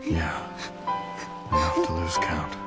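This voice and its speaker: A weary immortal warrior with a low, heavy voice and a slow, measured delivery. He sounds stoic and subdued, as in a video game cutscene, with a score playing underneath. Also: monotone, loud music behind the voice. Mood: solemn.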